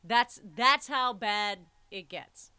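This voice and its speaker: A woman co-hosting a casual podcast, telling stories with emphatic, animated delivery. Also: on the high side, slow pace, smooth. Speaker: podcast co-host. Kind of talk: casual chat.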